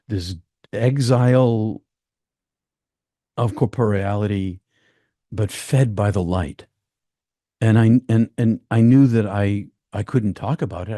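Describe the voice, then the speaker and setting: A man with a low, warm, relaxed voice recounts a personal story as a podcast guest. He speaks haltingly and often repeats words, and the recording is dry and close. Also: dry recording.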